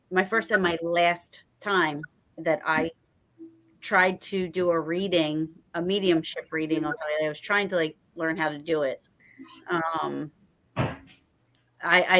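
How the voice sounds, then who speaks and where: A woman's voice: lowish voice, a bit bright, low-quality recording. A woman hosting a paranormal talk show, chatting casually and rambling through a story with many fillers. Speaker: podcast host. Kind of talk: casual chat.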